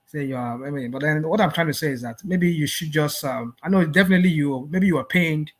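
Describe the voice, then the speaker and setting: Hesitant older man. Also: a little high. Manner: hesitant, many fillers and restarts, measured. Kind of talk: heated live panel debate.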